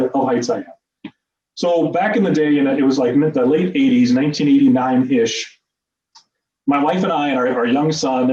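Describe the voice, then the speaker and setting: Middle-aged man, quick, animated storyteller with self-deprecating humor, roomy far-off meeting-room sound. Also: fairly high pitch. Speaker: speaker at a meeting. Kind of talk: personal storytelling speech. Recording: echoey, distant, dull room sound.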